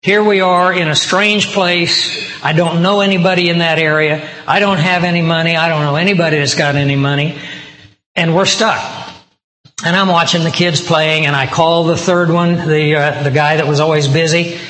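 A man's voice: fairly high pitch, steady tone, normal speed, fairly bright tone. Male pastor telling a story in an echoey hall. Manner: conversational storytelling that acts out quoted dialogue. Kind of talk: sermon told as a personal story. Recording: roomy hall with long reverb.

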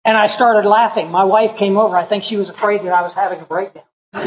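A man's voice: high voice, a little fast, noisy background. A middle-aged man, a pastor, telling a personal story in a sermon in a folksy, conversational way, acting out the people he quotes.

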